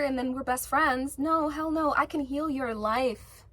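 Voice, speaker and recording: Woman vlogger, slightly high voice, emphatic rambling monologue, swears a lot. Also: normal speed, hardly any pauses, sharp tone, no echo. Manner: many fillers and restarts. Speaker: spiritual vlogger. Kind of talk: casual monologue to camera.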